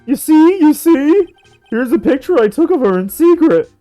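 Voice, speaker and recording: Brief: woman voicing a goofy young man, stammers and gushes, high-pitched. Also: sing-song, normal speed, warm tone, no room sound, soft background music, rough recording. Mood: gushing. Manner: stammering and gushing. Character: goofy, flustered young man, lovestruck and dramatic. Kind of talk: fan dub of a game.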